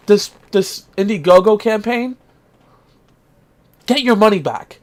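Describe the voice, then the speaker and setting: A man's voice: high voice, animated, slow pace, pauses often. A man hosting his retro gaming vlog, ranting in exasperation, swearing casually and coughing now and then. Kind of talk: casual vlog rant and show-and-tell.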